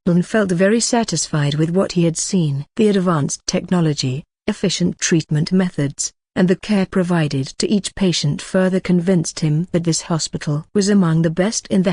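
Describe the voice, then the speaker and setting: A man narrating an audiobook in measured, even scripted narration, with little change for the characters. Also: a little high, dry recording, clean studio sound.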